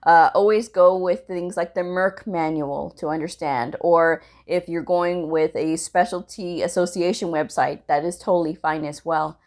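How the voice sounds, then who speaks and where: A woman with a slightly low voice talks straight to her viewers about building their careers. She is blunt and direct, laughing often between points in a casual vlog style. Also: steady tone, normal speed, hardly any pauses, darkish tone. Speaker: medical coding channel host.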